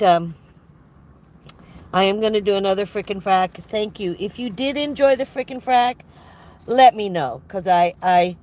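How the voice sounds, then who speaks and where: A woman's voice: medium pitch, darkish tone. An older woman chatting casually on a livestream from her van, congested with a head cold, rambling and laughing often as she greets viewers. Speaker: van life vlogger hosting a livestream.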